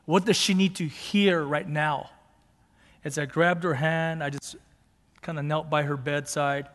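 A male pastor preaches in a relaxed storytelling way, dropping Japanese phrases into his talk and building to fervent emphasis. His voice sits a bit higher than most men's. It rings with a long reverb from a church sanctuary. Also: unhurried. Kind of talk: storytelling sermon.

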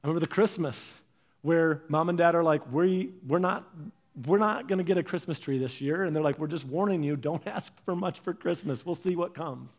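Man, storytelling talk, animated, quotes his parents in voices, slightly higher voice. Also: fairly quick. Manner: animated storytelling, acting out his parents' lines, often lively and raised. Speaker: speaker giving a faith and parenting talk.

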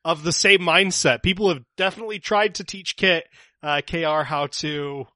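A man's voice: fairly high pitch, normal speed, sharp tone, dry recording, clean studio sound. A man running a tabletop role-playing game, bickering in character and narrating the scene.

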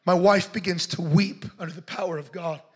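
High-voiced man preaching with rising passion. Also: fairly even intonation, fairly quick. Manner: passionate, builds to shouting. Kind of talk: sermon storytelling.

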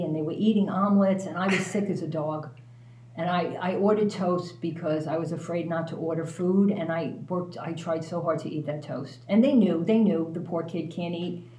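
A woman candidly telling a personal story as a guest, animated and self-mocking, swearing freely. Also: fairly low pitch, roomy sound.

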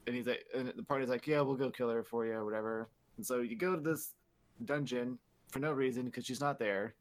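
A man's voice: mid-range voice, brisk. A young man chatting casually on a podcast, swearing freely and acting out characters as he retells a story. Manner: profane, animated retelling with mock voices. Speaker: podcast co-host. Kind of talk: casual chat.

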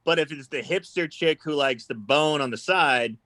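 A man's voice: fairly high pitch, normal speed, bright, forceful tone, dry recording. A man co-hosting a casual movie chat, joking in a laid-back way and laughing easily. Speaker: podcast co-host.

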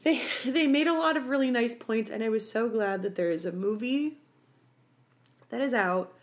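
A young woman co-hosts a casual chat, telling stories with animation in a higher-pitched voice at a moderate pace. She uses lots of "like" fillers and acts out quotes.

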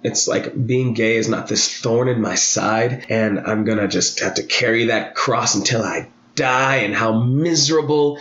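A man in his thirties talking candidly as a podcast guest, earnest and animated, his voice jumping high for emphasis. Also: reverberant, muffled recording, slight background noise.

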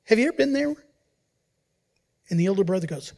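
A man preaching as a pastor, who swings between loud emphasis and quiet, hushed asides and acts out the voices he quotes. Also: high voice, lively intonation, a little fast, gravelly, long pauses. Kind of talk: sermon.

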